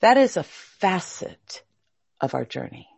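A woman hosting a group session over a video call, asking the participants questions in an animated way. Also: fairly low pitch, slow, vocal fry, slightly rough, no echo. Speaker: workshop host.

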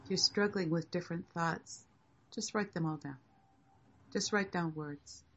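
An older woman teaching a class, speaking in a gentle, encouraging and unhurried way. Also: fairly low pitch, breathy edge, lo-fi sound. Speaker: meditation teacher. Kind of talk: guiding a class.

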